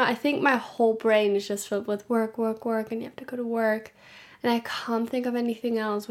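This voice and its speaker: A woman's voice: on the high side, vocal fry. A young woman hosting her own podcast, chatting casually and rambling a little, sounding tired, recorded at home. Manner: rambling, tired, with frequent ums and soft laughs. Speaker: podcast host. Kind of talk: casual solo podcast chat. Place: home room with noisy activity below.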